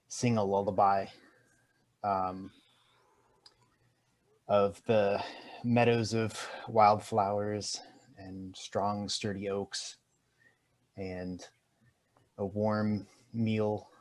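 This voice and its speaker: A man playing his character in a tabletop game, speaking calmly and earnestly. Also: lowish voice. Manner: calm, earnest, measured. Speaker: player. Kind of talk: in-character tabletop role-play.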